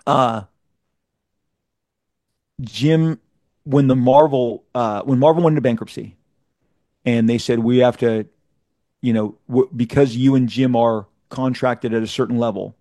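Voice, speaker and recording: A man in mid-range pitch tells a long story as an interview guest. He is animated and often trips over his words, restarting phrases and repeating himself as he pushes ahead. The recording is dry and close, with no room around it. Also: a little slow, long pauses, no room sound. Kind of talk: casual anecdotal storytelling.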